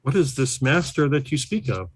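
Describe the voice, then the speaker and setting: A man playing a polite adventurer who talks in a formal, measured way. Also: mid-range voice, big pitch swings, husky, no echo.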